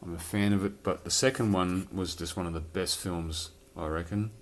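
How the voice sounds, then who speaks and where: A man's voice: deep voice, fairly even intonation, moderate pace, slight background noise. A man chatting casually and rambling about his film collection, swearing now and then. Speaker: collector showing his films. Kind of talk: casual chat.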